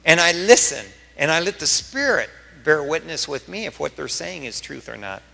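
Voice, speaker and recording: A male pastor preaching a verse-by-verse sermon, emphatic and full of stories, his voice swinging up in excited bursts. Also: a little high, normal speed, creaky, long reverb tail.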